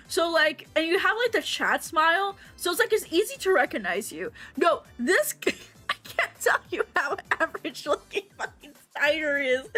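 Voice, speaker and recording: High, sharp-toned woman streamer, excitable chatter with casual swearing, faint music underneath. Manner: animated and excitable, swears freely, laughs often. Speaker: VTuber streamer. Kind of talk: casual livestream chat.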